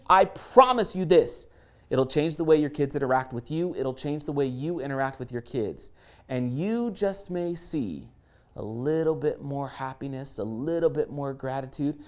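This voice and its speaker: A man's voice: a little high, a little mellow. A man in his thirties presenting a motivational parenting lesson in an upbeat, encouraging and direct way. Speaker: course presenter and speaker.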